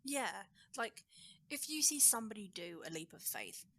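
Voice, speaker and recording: A woman guest on a casual podcast, talking quickly and informally with lots of "like". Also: medium pitch, lively intonation, bright, forceful tone, a little hiss or hum.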